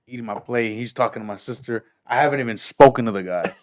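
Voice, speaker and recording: A young man hosts a laid-back podcast, teasing his guest and joking around. He swears freely and talks in an easygoing, mid-pitched voice. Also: fast. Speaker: podcast host. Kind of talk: casual chat.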